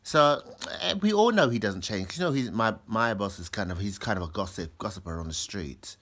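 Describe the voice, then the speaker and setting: A man's voice: lowish voice, animated, a little fast, a bit bright. A man telling a rambling story in casual chat, full of restarts and acted-out quotes. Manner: rambling, full of restarts, acts out others' lines in raised voices.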